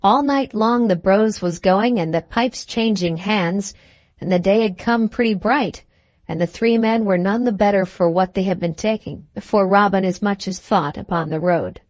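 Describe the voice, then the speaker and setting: A woman narrating an adventure novel audiobook in a steady, measured reading. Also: mid-range voice, dry recording.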